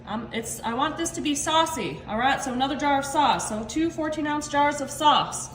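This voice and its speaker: A woman chatting casually through a cooking demonstration at home, excitedly calling her viewers y'all. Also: sits high, moderate pace, echoey room, slight background noise. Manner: excitable about food. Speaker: cooking vlogger. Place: home kitchen.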